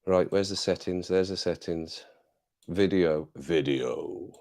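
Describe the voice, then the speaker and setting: A man's voice: deep voice, slow, darkish tone. Chatty, jokey English man hosting. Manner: chatty, jokey, rambling asides, laughs often. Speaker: livestream host. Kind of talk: casual live chat with viewers. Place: home desk. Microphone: clip-on mic.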